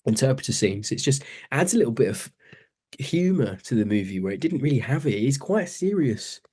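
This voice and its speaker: A man's voice: mid-range voice, very animated, fairly quick, warm tone, slightly rough. A man co-hosting a podcast in casual chat, laughing and recounting film scenes animatedly. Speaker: podcast co-host.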